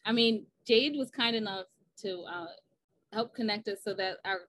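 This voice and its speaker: A woman's voice: medium pitch, moderate pace, fairly bright tone. A woman guest and writer on a podcast, chatting casually and teasing her co-guest playfully. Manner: playful teasing, throwing mock shade. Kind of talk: casual chat.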